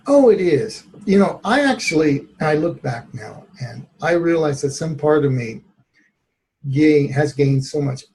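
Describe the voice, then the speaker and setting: A man's voice: on the high side, animated, unhurried, gravelly, darkish tone. A man, a therapist, telling a candid personal story in an interview, reflective and laughing at times. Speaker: therapist guest.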